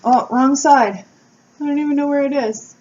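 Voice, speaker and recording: A woman, chatting candidly to camera from home as a YouTuber, telling stories with lively energy and casual swearing. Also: sits high, moderate pace. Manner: candid, animated storytelling with swearing and laughs. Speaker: wax-melt YouTuber and blogger. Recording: slightly dull home recording with faint background noise.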